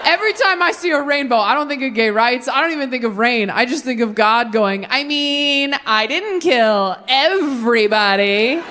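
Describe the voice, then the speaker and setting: A young woman performing a stand-up comedy set on stage, landing deadpan punchlines and jumping to animated voices when she quotes people. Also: fairly high pitch, quick pace, few pauses. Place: comedy stage before a live audience.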